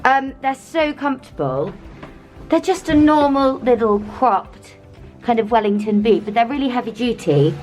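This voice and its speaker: An English woman chatting casually in a vlog, gushing and full of fillers, and cooing at her dog in a high baby voice. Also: expressive, moderate pace, darkish tone, faint music behind. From England. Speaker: vlogger.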